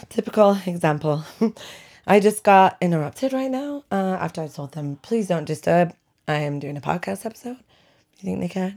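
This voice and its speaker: A woman's voice: on the low side, darkish tone. A woman hosting her own podcast from her bedroom, chatting casually and wryly, laughing often as she vents. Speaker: podcast host. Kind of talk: casual solo podcast chat. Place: bedroom at home.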